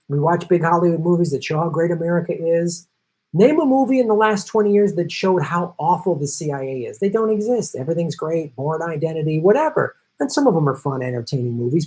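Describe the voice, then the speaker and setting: A man's voice: sits high, a little mellow, slightly rough, rough recording. A middle-aged man hosting a political live stream, reading viewer chats in a blunt, sarcastic, profane way. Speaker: political show host.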